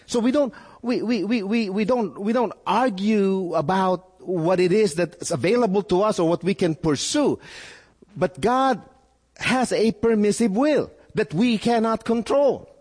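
A male pastor preaching a sermon, with animated delivery, sudden rises in pitch and frequent repeated words. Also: measured pace, breathy edge, long reverb tail.

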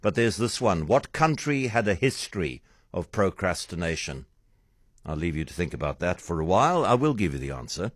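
A man hosts an afternoon radio talk show, his voice low and swinging all over as he jokes around. The studio mic sounds close and dry. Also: sing-song, moderate pace, dry recording. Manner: playful, chuckling, telling jokes. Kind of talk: casual radio chat. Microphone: studio microphone.

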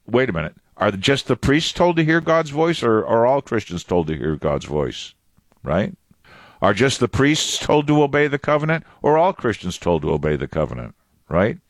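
A man's voice: mid-range voice, no echo. A man preaching a sermon in a conversational way, firing off rhetorical questions and often restarting his sentences.

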